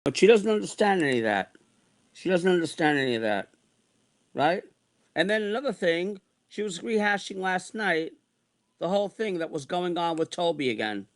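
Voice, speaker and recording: A man in his sixties delivers a long venting rant, circling back to the same complaints again and again. His voice sits a touch high for a man, and he sounds worn out and exasperated. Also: animated, normal speed. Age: 60s. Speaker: online streamer. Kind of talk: ranting monologue.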